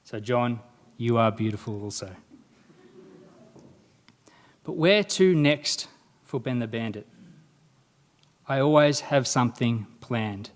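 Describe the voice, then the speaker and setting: A young guest speaker at a graduation ceremony delivers a motivational speech slowly, pausing often, in a mid-range voice. He tells stories with animation and voices the quoted dialogue.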